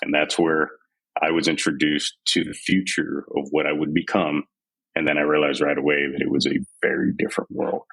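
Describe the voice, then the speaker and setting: A man from Texas with an exceptionally deep, low-pitched voice and a husky, slightly rough grain, in his forties. He speaks as a podcast guest and talks frankly and openly, acting out earlier moments by quoting the people in them. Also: little pitch movement, fairly quick, a bit bright, poor audio. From San Antonio, Texas, USA. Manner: frank, unguarded, retells scenes in quoted voices. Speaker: podcast guest, army veteran. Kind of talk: candid storytelling interview.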